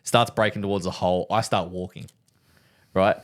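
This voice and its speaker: A man's voice: low-pitched, fairly even intonation, moderate pace. A young man on a casual podcast, telling a rambling story and checking in with "right?" again and again. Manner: rambling storyteller, full of "right?" and "like", laughs hard at his own story. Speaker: podcast co-host. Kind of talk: casual chat.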